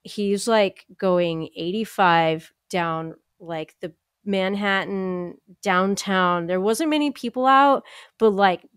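A woman co-hosting a podcast, telling a story in casual chat, animated and full of "like," acting out what people said. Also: mid-range voice, slow pace, clean tone, no room sound, studio quality. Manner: animated, acts out quoted voices, lots of "like" and laughter. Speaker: podcast co-host.

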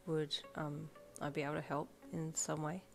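Jiro, a woman doing a deadpan shy teen girl. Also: low voice, moderate pace, creaky, faint music behind. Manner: quiet, flat, offhand.

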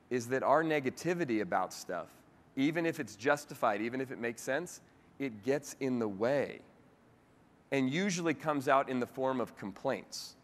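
A man giving a motivational keynote speech, telling stories with animated asides to the audience. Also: medium pitch. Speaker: keynote speaker. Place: large convention hall. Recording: long hall reverb.

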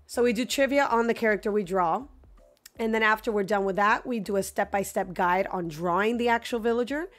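A woman's voice: mid-range voice, brisk. A woman streaming a video game live, chatting with her viewers, laughing often and talking back to the game characters into her microphone. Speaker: gaming streamer.

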